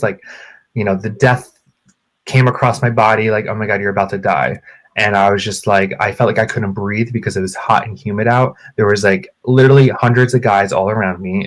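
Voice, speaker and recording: Low-voiced man telling a story animatedly. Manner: animated, dramatic storyteller with acted quotes. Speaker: podcast co-host. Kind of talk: casual chat, storytelling.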